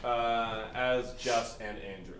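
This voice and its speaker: A man's voice: mid-range voice, steady tone, takes it slowly. A man hosting a live improv comedy show, giving loose, filler-heavy instructions to the players and the audience. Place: theatre stage. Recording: echoey theatre from far off, loud noise.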